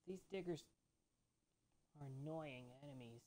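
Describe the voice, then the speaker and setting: Woman, let's play commentary, deep voice, frustrated, swearing, spikes of shouting. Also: moderate pace, long pauses, rough recording. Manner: frustrated, swears and yells at enemies then apologizes; pitch jumps high when annoyed. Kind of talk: casual gameplay commentary.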